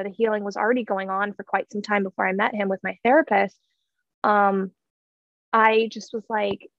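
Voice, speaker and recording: A woman's voice: medium pitch, gravelly, dry recording, dull audio. A woman in her thirties telling a heartfelt personal story in an earnest way, with many fillers and restarts. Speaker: guest sharing her story.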